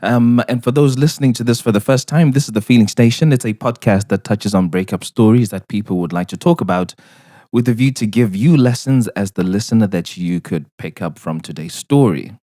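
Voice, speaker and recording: A man's voice: lowish voice, a little fast, dark tone, no room sound, studio quality. A man hosting a podcast, chatting casually with a guest, playful and teasing, laughing often. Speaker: podcast host. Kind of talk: casual interview chat.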